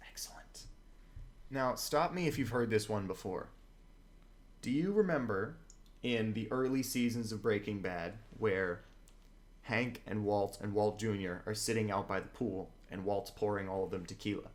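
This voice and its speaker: A man co-hosting a podcast in casual chat, an animated storyteller who acts out the scenes he retells. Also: lowish voice, normal speed. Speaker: podcast co-host.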